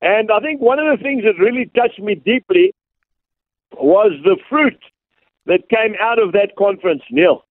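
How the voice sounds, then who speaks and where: A South African man, an evangelist, telling stories earnestly with many pauses and fillers over a phone line. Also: sits high, no echo. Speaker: guest evangelist.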